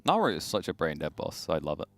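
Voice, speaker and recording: A man co-casting a gaming livestream in casual banter, playful and scattered, with halting restarts. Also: very deep voice, huge pitch swings, a bit bright, no echo. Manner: playful, jumps between impressions, halting restarts. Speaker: stream co-caster.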